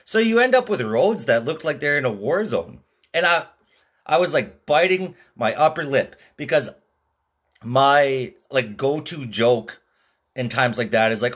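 A man's voice: mid-range voice, expressive, measured pace, a bit bright, husky. A man hosting a podcast from Canada, telling stories in a profane, laid-back way. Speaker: podcast host. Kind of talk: casual rambling monologue.

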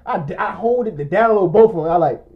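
A man telling a rambling, animated story in casual chat, acting out quotes and often laughing. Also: high voice, fast, highs cut off.

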